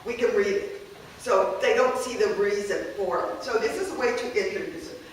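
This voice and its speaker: A woman's voice: mid-range voice, normal speed, a little hiss or hum. A woman teacher giving a conversational workshop talk on classroom activities, often checking in with the audience. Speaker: language teacher presenting a workshop. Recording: echoey room, voice from a distance.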